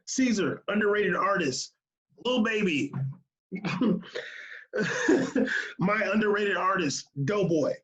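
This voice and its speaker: High-voiced laughing podcast host. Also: male voice, fairly bright tone, lo-fi sound. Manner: laughs often, recaps lists quickly. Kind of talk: casual chat.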